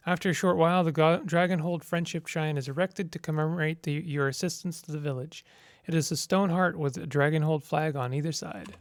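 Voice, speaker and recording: A man's voice: on the high side, clear, resonant tone. A man giving casual gameplay commentary, reading the game's text aloud and mumbling through menu choices. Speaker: gamer.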